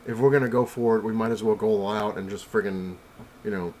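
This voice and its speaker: Fast-talking man telling a rambling story. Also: lowish voice, fairly even intonation, a little mellow, slight background noise, low-quality recording. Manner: rambling, many fillers and restarts. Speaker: vlogger. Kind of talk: casual storytelling. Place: home.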